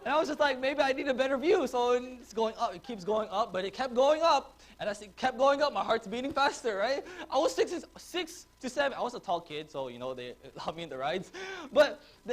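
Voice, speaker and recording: A man, a pastor, preaching a sermon to a congregation, telling stories in an animated way and laughing often. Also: extremely high pitch. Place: church, before a congregation.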